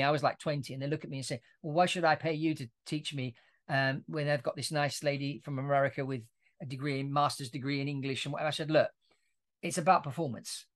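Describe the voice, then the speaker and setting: A man's voice: a little high, a bit bright. A man in his forties who grew up in Italy, hosting a podcast interview as a chatty storyteller who laughs often. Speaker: podcast host. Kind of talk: casual interview chat.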